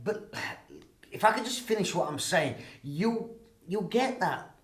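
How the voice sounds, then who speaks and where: A man's voice: fairly high pitch, big pitch swings, slow, roomy sound. An actor playing a young Englishman who pleads insistently in an argument, his voice climbing as he speaks. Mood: pleading, exasperated.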